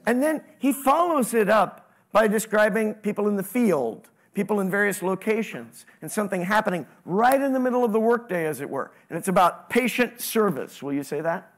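A man preaching a sermon, with sudden rises in pitch and volume and questions to the congregation. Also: expressive, normal speed, hardly any pauses. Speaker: pastor.

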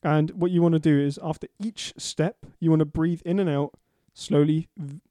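A man's voice: fairly high pitch, steady tone, moderate pace, dark tone, dry recording, clean studio sound. A young man co-hosting a casual podcast chat, agreeable and a little hesitant, with restarts. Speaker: podcast co-host.

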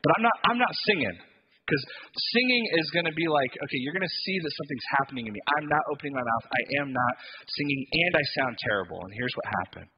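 A man's voice: mid-range voice, expressive, quick pace, long reverb tail, muffled recording. A man, a pastor, preaching a sermon in a conversational, emphatic and self-deprecating way.

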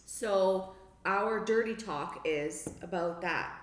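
Lower-voiced, unabashed woman, echoey room. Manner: unabashed, drawn-out and deliberate. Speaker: podcast co-host. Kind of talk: frank casual chat.

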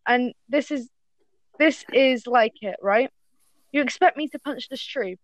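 A woman's voice: high voice, unhurried, no echo. A woman reading fan fiction aloud to friends in a casual call, often stumbling and correcting herself.

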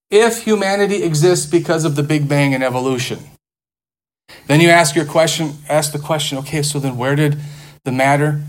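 A man's voice: on the high side, a little hiss or hum. A man teaching a class in front of a board, lecturing conversationally and firing off rhetorical questions and mock back-and-forth exchanges.

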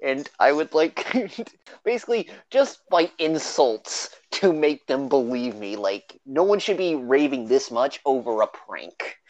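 A woman with a low voice plays her tabletop character in a sarcastic, exasperated way. Her pitch swings widely, and she talks slowly and deliberately. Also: very animated, darkish tone, dull audio. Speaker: player.

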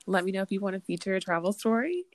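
A woman's voice: mid-range voice, lively intonation, very fast, no echo. Giggly lady guest on a podcast, kinda unsure of herself, laughs it off. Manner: giggly, hesitant, self-deprecating. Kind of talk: casual interview chat.

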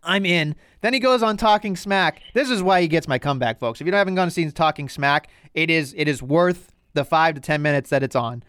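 High-pitched guy ranting on a podcast, cussing a lot, super dry close mic sound. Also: a little fast, few pauses, clean tone, no room sound. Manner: animated, profane ranting. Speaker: podcast co-host. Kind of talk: casual chat.

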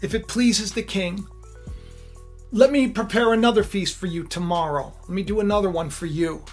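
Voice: mid-range voice, moderate pace, darkish tone, faint music behind, lightly acted. A preacher voicing a clever young queen who politely lays out her plan.

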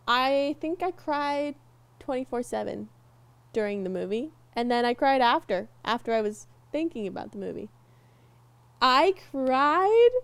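Young woman, podcast co-host, casual chat, animated, laughs easily, fairly high voice. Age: young adult. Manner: animated, laughs easily, gets teary and emotional.

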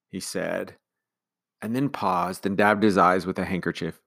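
A man, a teacher, reading a children's novel aloud to students in a calm, even narration. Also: low-pitched, unhurried, gravelly, dry recording, clean studio sound. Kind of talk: storybook read-aloud.

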